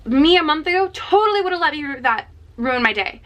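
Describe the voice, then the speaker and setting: A woman's voice: sits high, lively intonation, a little fast, a bit bright, lo-fi sound. A young woman vlogging to camera, giving a casual, earnest pep talk full of "like" fillers. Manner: chatty, frequent "like" fillers, earnest.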